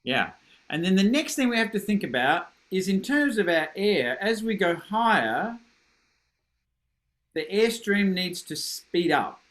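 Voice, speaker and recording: A man's voice: high-pitched, sing-song, unhurried, a bit bright. A middle-aged man teaching a horn masterclass over a video call, encouraging and self-deprecating, showing ideas with sung syllables.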